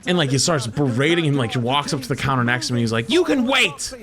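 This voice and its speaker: A man's voice: medium pitch, quick pace, a crowd in the background. A man streaming live, telling a long casual story in a rambling way, full of restarts and casual swearing.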